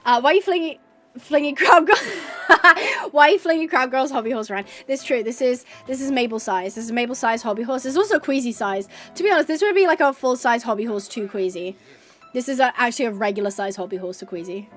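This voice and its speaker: A bubbly woman in her twenties streams a game and chats with friends. Her voice sits high and light, and she gushes with lots of filler words and quick laughs. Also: a bit bright, faint music behind. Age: 20s. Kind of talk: casual chat while gaming.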